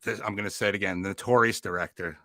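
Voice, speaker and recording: Bright-voiced male interview host. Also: fairly low pitch, fairly even intonation, very fast, no echo, studio quality. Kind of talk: casual interview.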